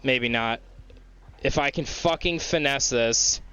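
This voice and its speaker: A young man giving live gameplay commentary, excitable, swearing often and shouting at the game. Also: medium pitch, slow pace, highs cut off, a little hiss or hum. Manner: mocking sing-song voice when quoting the game. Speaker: gaming streamer.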